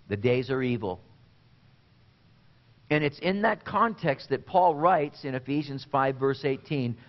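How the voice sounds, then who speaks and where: A man's voice: a little high, highs cut off. Earnest man preaching a sermon. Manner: earnest preaching with deliberate pauses and repetition. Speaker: pastor.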